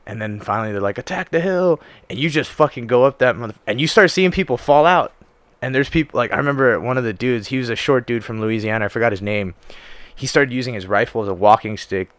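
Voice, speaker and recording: A man's voice: medium pitch, fast talker, fairly bright tone, no echo. A young man casually telling stories on a podcast, laid-back and full of swearing and fillers. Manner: profane, laid-back storytelling with lots of fillers. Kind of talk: casual chat.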